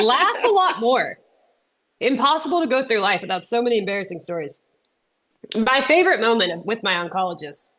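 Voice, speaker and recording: A woman in her thirties, a stand-up comedian from Texas, talks through a keynote as a chatty, self-deprecating storyteller. She is getting over a sinus infection and coughs now and then. Her pitch sits in a middle range. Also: fairly bright tone. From Texas, USA. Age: 30s. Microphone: remote presentation.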